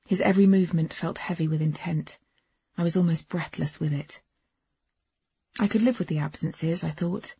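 A woman's voice: deep voice, mellow, slightly rough, no echo. A woman narrating a first-person novel in an intimate, wry storytelling manner. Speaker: audiobook narrator. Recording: dull, dry lo-fi recording.

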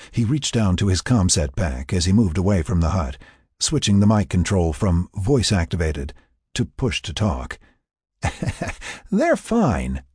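Deep, husky male narrator, lively delivery, dry close recording. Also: no room sound. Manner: expressive, storytelling. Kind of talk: audiobook narration.

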